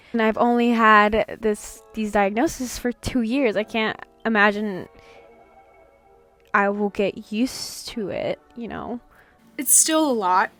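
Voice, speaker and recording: In a personal vlog, a young woman with a mid-range voice speaks candidly about living with chronic illness. Her delivery is halting and full of fillers, broken up by soft laughs.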